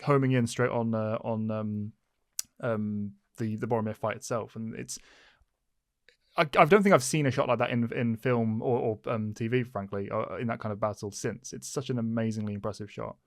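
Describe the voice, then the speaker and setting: A man's voice: on the low side, steady tone, normal speed, no room sound, studio quality. A man co-hosting a casual film discussion podcast, talking enthusiastically in long rambling runs with restarts. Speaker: podcast co-host.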